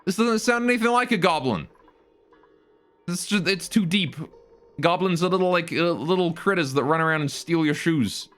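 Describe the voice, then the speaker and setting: A man's voice: high voice, expressive, normal speed, fairly bright tone. A man streaming a game live, joking with his chat while he plays. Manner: joking, chats with viewers while playing.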